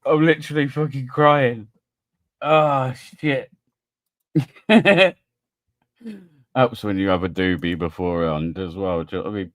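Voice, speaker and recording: A British man hosting a casual livestream quiz, who laughs often, swears freely and reads riddles out slowly. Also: medium pitch, no room sound. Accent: British English.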